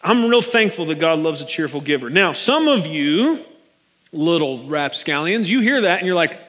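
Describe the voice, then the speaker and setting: A man preaching a sermon as pastor, conversational and animated, often calling his listeners "man". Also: a little high, a little fast, long reverb tail.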